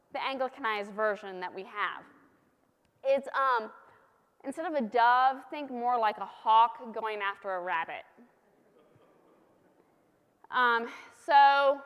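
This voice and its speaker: A woman's voice: on the high side, measured pace, long pauses, a bit bright, clear, resonant tone. A woman preaching a sermon in a conversational, playful way, hammering key points through repetition. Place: church. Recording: long church reverb.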